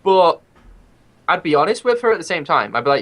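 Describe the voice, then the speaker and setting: A man's voice: fairly high pitch, sing-song, a little fast, pauses often, fairly bright tone. Hesitant man stammering in casual chat.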